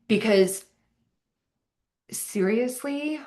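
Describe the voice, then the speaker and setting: Upbeat woman coaching with a low voice. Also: a little slow. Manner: upbeat, earnest, many "like" and "right?" asides. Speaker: fitness and mindset coach. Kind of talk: casual motivational training talk.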